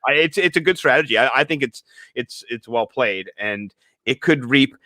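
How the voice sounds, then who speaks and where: A man hosting a podcast in casual chat, animated and playful. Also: medium pitch, moderate pace, no echo. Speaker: podcast host.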